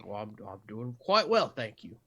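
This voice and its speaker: A man's voice: lowish voice, sing-song, normal speed, a bit bright, voice pushed down. A man voicing a mild-mannered male chicken farmer with a British accent, courteous and understated. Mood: polite.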